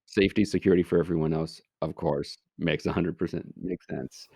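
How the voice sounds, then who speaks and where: Deep gravelly man in dry banter. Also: fairly even intonation, brisk, mellow, no echo. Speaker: podcast co-host. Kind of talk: casual chat.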